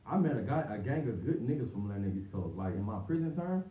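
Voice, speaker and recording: A man's voice: on the low side, big pitch swings, fast. Man, rambling slangy livestream talk, distant echoey room, dull muffled mic. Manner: slangy, rambling, repeats words and restarts often. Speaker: livestream host. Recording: distant roomy, dull lo-fi mic with faint hiss.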